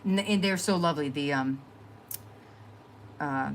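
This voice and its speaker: Middle-aged lady rambling along on her craft livestream, kinda low voice, lots of ums. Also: unhurried, a little hiss or hum. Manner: rambling and chatty, trailing off with fillers. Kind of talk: casual chat to live viewers.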